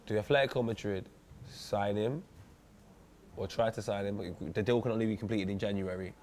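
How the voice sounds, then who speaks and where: A man's voice: lowish voice, steady tone, normal speed, a little mellow, a little hiss or hum. A man co-hosting a casual football debate in an office, opinionated and full of street slang. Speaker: co-host.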